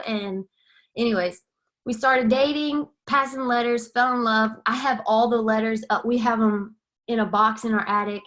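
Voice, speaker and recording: A woman's voice: on the high side, a little fast, fairly bright tone. A young woman, giving a candid personal testimony and acting out quoted dialogue as she tells it. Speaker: guest sharing her testimony.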